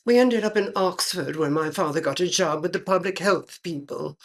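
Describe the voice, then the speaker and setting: A woman's voice: lowish voice, moderate pace, natural voice. A woman playing the spirit of an elderly English actress, speaking with an English accent in a dry, clipped, tartly unimpressed way. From England. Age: older.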